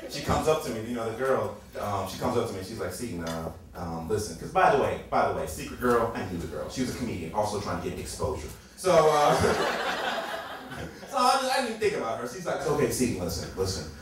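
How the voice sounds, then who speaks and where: A man's voice: medium pitch, big pitch swings, fairly quick, fairly bright tone, slight background noise. A man telling a comic story at a live show, acting out voices and laughing often. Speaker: stand-up storyteller. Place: small live venue stage. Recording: roomy live stage from far off with crowd. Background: audience laughing.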